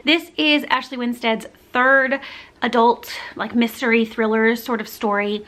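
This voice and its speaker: A woman's voice: on the high side, sharp tone. Chatty young Southern woman reviewing books. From American South. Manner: chatty, candid, with frequent fillers and restarts. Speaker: book reviewer. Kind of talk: casual book review vlog.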